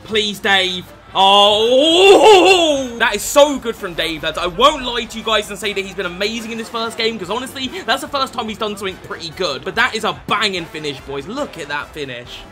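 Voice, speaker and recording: A man commentating his football video game with excitable, sweary energy, calling viewers lads. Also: high voice, quick pace, few pauses, faint music behind. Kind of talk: gameplay commentary.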